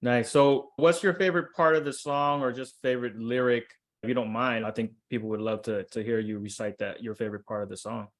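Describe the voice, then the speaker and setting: A man's voice: medium pitch, fairly even intonation, a little fast, few pauses. A man hosting a casual interview, easygoing, asking long rambling questions. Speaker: interview host.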